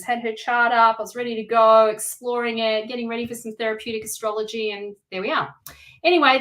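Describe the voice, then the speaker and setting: A woman doing a live-streamed tarot reading, chatty and encouraging, thinking aloud and correcting herself as she goes. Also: a little high. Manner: warm and encouraging toward viewers. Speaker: tarot reader.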